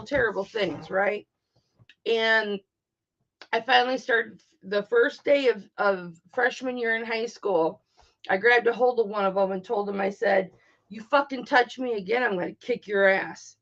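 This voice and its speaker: A woman's voice: medium pitch, dull audio, a little hiss or hum. A woman in her forties hosting a livestream, telling a heated personal story in a blunt, swearing, casual way. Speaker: livestream host.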